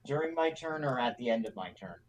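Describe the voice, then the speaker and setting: A man's voice: medium pitch, animated, fairly quick. A man playing a tabletop game, casual and playful in manner. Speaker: player.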